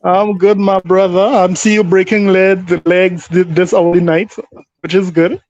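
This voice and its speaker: A man's voice: high-pitched, flat delivery, a little slow, darkish tone, no room sound, muffled recording. A man joining a livestream as a guest, trading easygoing, friendly banter with the host. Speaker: call-in guest. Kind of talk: casual chat.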